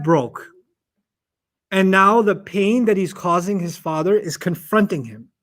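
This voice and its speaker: High-pitched guy teaching scripture, chatty and lively, checks in with the class a lot. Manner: animated, often checks in with "right?". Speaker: Quran teacher. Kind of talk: conversational Quran lesson.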